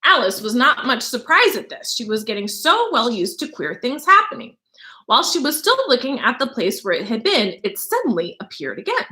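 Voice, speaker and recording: A young adult woman, a teacher, reads a storybook aloud and breaks off to explain words in a chatty, filler-heavy way. Her voice is bright and fairly high, and it moves up and down a lot. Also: very animated, moderate pace. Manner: chatty, with many fillers and asides.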